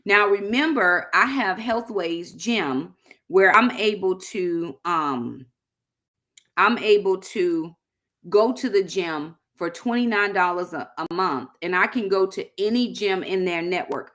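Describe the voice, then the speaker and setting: A woman's voice: mid-range voice, fairly bright tone. Chatty woman hosting a livestream. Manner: chatty, addresses viewers as y'all. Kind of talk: casual livestream chat.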